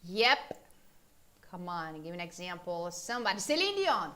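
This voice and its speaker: With a mid-range, slightly bright voice that swings widely in pitch, this Brazilian woman, whose first language is Portuguese, speaks at a normal speed. She runs a live English lesson in a relaxed, talkative style, filling it with fillers and questions for her audience.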